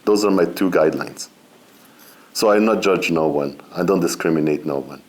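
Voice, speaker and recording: Low-voiced man giving a relaxed talk. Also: normal speed. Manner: relaxed and conversational, often says "you know" and laughs. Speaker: guest speaker at a seminar. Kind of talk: informal spiritual talk.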